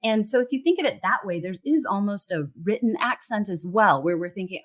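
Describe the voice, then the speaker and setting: A woman's voice: medium pitch, lively intonation, fairly quick, hardly any pauses. A woman from Central California with a Californian accent, speaking passionately and emphatically as an interview guest. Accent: Californian American English. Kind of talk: interview conversation.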